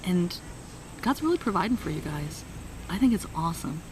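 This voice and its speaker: A woman guest in an interview, telling a story with lively energy and acting out the people she quotes. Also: on the low side, normal speed, background noise. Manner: lively, acts out quoted voices. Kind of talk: animated storytelling.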